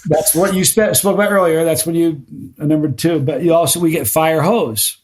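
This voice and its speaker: A man chats as a podcast guest, spinning animated stories with plenty of false starts. His voice sits a little high for a man. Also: a little fast. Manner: animated storyteller with frequent restarts. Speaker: guest, spicy food challenge creator. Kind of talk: casual podcast conversation.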